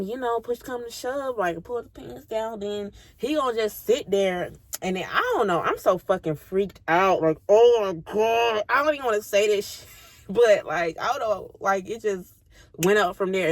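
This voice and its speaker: A woman with a fairly low-pitched voice tells a casual storytime to her viewers. She is slangy and curses freely, dropping into low mutters and then leaping up into high squeals. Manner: slangy and profane, addresses viewers directly. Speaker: vlogger.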